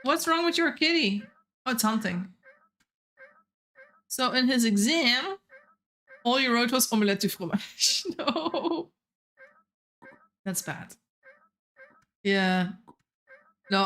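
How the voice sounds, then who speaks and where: Bright, chatty young woman gamer. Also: mid-range voice, slow, long pauses. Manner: rambling, chatty, laughs often. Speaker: game streamer. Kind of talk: casual chat while gaming.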